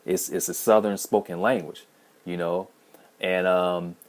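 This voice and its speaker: Low-voiced man in casual rambling talk. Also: fairly even intonation, a little slow. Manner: rambling, frequent restarts and fillers. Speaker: language-learning video host. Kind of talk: casual monologue to camera.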